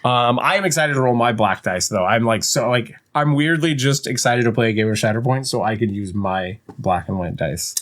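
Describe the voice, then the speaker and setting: A man's voice: mid-range voice, normal speed, few pauses, a bit bright. A man co-hosting a podcast, chatting casually and rambling, with frequent fillers and laughter. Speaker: podcast co-host. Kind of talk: casual chat.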